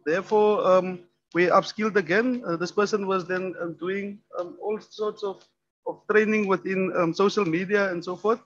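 A man presents at a public forum on municipal skills work. His voice sits high for a man, and he halts often with many filler sounds and restarts. The sound is dull and lo-fi. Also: steady tone, moderate pace. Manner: hesitant, many ums and restarts. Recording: dull lo-fi recording.

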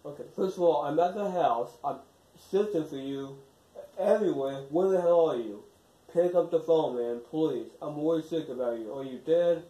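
A young man playing an anxious friend who pleads and apologizes in soft tones in an amateur phone-call drama. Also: fairly high pitch, normal speed, reverberant, recorded from a distance, lightly acted. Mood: worried.

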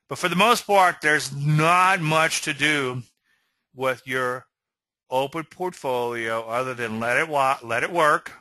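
A man's voice: medium pitch, bright, forceful tone, no room sound, poor audio. A man hosting an informal trading lecture, rambling through conversational asides and often checking in with "okay?". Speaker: trading educator and show host.

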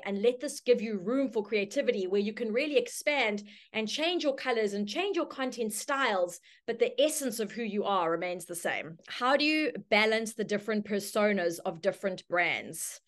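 A woman teaching a branding workshop, telling a story with lively, chatty delivery and acted-out voices. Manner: storytelling, acts out quoted voices with sudden high squeals. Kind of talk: live online workshop talk.

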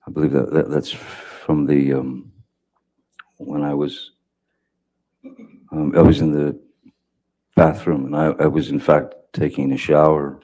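A man testifying from the witness stand in a courtroom, his voice extremely deep and dark in tone. He talks slowly and haltingly, stopping and restarting his sentences and filling gaps with hesitant pauses. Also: level tone. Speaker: trial witness.

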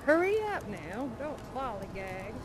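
A high-voiced, chatty aviator woman in a live immersive theater show. She tells her tales folksily and keeps breaking into exclamations. Her voice sits high and bright over her talk. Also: sing-song, unhurried, background noise. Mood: folksy.

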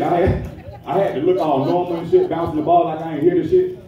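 A man's voice: a little high, fast talker, recorded from a distance, lo-fi sound. A man doing a crude, profane stand-up routine on a handheld mic in a nightclub. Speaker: stand-up comedian. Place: nightclub stage. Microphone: handheld stage mic. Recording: echoey club, voice from afar.

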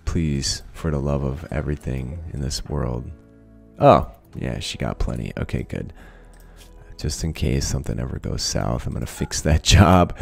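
A man's voice: rumbling low, normal speed, vocal fry, soft background music. A man giving casual let's-play commentary, thinking aloud, swearing freely and laughing often. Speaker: gaming video creator.

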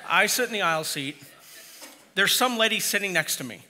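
A middle-aged man preaching with a bright, forceful voice pitched fairly high for a man. He tells stories with humor and speaks straight to his listeners in an easy, conversational way. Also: lively intonation, a little fast, a little hiss or hum. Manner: humorous storytelling, conversational and direct. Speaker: pastor. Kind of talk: sermon.

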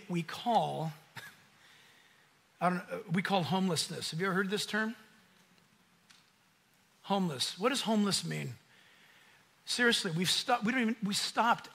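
A man preaching a sermon at a conference in an American accent, animated and acting out the voices he quotes. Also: sits high, creaky, breathy edge. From United States. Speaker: pastor. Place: conference hall.

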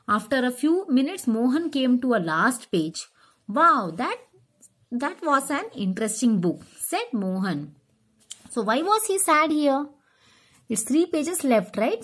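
A woman teacher reads a lesson aloud to small children. She repeats and explains each line, asking questions as she goes. Her voice is a little high and husky, with a lively rise and fall.

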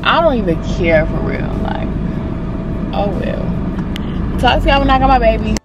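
A woman's voice: on the high side, animated, normal speed, very noisy. A young woman vlogging in a casual, swear-heavy chat, talking straight to the camera about her dog and her day.

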